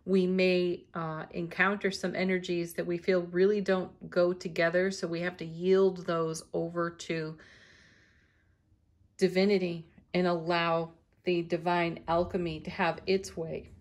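A middle-aged woman with a slightly low voice reads tarot cards for her viewers. She talks in a gentle, spiritual manner and often breaks into a laugh. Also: little pitch movement, measured pace. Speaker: tarot reader. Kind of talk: daily tarot reading to camera.

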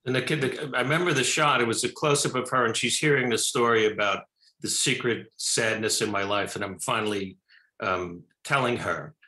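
A man, a film director, telling stories in a talk show interview, animated, with many fillers and restarts. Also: medium pitch, moderate pace, reverberant. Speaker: film director and actor, guest. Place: television studio.

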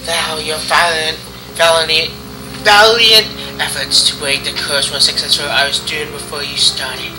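A man's voice: on the high side, fairly even intonation, over music, natural voice, poor audio. A man putting on a dying ancient tree spirit. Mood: solemn. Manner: stiff, halting, old-fashioned solemn delivery with slips. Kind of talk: amateur game dub.

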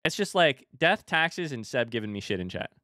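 This young man's medium-pitched voice is sing-song, pushed and bright, at a normal speed, on a dry, clean studio recording. He's streaming a farming game, giving casual commentary to his live chat with the occasional swear.

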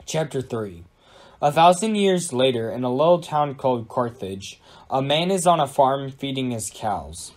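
A man narrating a storybook aloud in a plain, steady way. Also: mid-range voice, measured pace. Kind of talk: amateur audiobook reading.

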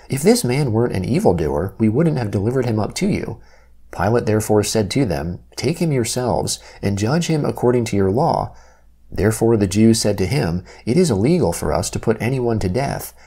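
A man reading Bible passages aloud in a measured, steady way, giving the quoted lines only a light lift. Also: on the low side, gravelly, breathy edge. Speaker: Bible reader.

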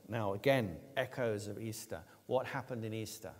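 A man preaching a sermon, retelling a story with lively, acted-out voices for the characters. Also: fairly low pitch, normal speed. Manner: animated storytelling, acting out quoted lines. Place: church. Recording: long church reverb.

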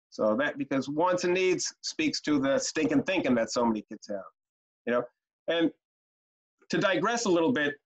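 A middle-aged man leading a training webinar, telling stories and chanting short rhymes with lots of energy. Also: on the high side. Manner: animated, chanting rhymes, storytelling. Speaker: youth care trainer. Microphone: video call. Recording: dull lo-fi webinar audio.

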